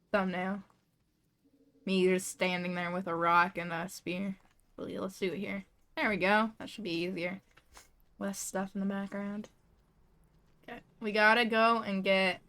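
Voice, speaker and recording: A woman's voice: mid-range voice, pushed and bright. A young woman casually commenting while playing a video game, often startled into squeals and apologizing to the creatures on screen. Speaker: gamer. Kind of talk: casual let's-play commentary.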